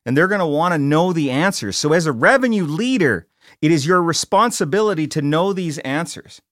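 A man's voice: fairly high pitch, brisk, dry recording, clean studio sound. Blunt, colloquial middle-aged male podcast host. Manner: blunt, colloquial, animated, repeats words. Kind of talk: casual podcast monologue. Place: recording studio.

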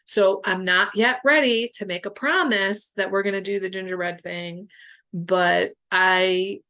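A woman's voice: mid-range voice, fairly even intonation, measured pace, bright, forceful tone. A woman guest and boundaries coach telling personal stories in a frank, emotional way, swearing freely. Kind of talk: candid conversational storytelling.

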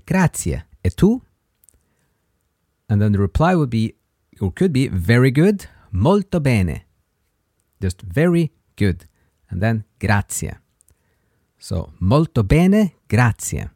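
Man, language teacher, slow and patient, lively intonation, dry recording. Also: no echo. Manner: slow, patient, lively pitch when modeling words. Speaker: podcast host teaching Italian.

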